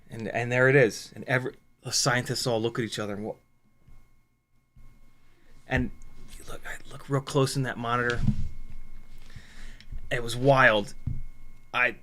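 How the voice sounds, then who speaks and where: A man hosting a casual livestream, ranting sarcastically and profanely with frequent laughs and big swings in loudness. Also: mid-range voice. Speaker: YouTube host.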